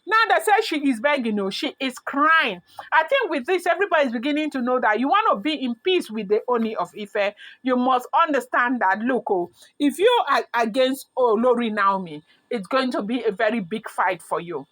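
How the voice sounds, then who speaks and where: A woman's voice: high-pitched, animated, brisk, fairly bright tone. A woman with a Nigerian accent, hosting a celebrity gossip vlog, emphatic and repetitive, firing off rhetorical questions.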